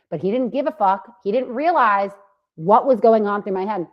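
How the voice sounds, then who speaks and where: A woman co-hosting a podcast and telling a story in a casual, animated way, swearing freely. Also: medium pitch, normal speed, lo-fi sound. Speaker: podcast co-host.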